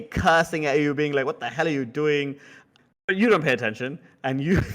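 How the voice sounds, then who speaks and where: Laid-back man running a tabletop game. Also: mid-range voice. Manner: relaxed, chatty, laughs easily. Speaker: game master.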